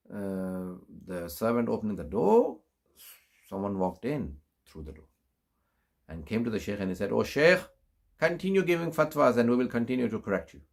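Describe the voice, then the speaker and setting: A low-voiced man with a gravelly, creaky edge preaches in an unhurried way. He tells a long religious story, filling pauses with "uh" and lifting his voice for emphasis. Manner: unhurried, many fillers, rises in pitch for emphasis. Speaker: Islamic preacher. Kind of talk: storytelling sermon.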